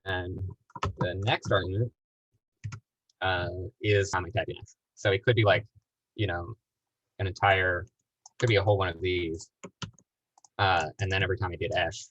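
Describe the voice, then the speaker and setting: A man's voice: low-pitched, fairly even intonation, moderate pace, long pauses, fairly bright tone, no room sound. A man leading a casual live tutorial, rambling and self-deprecating, with lots of fillers, heard over a video call. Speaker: workshop instructor. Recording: dull lo-fi call audio with faint noise.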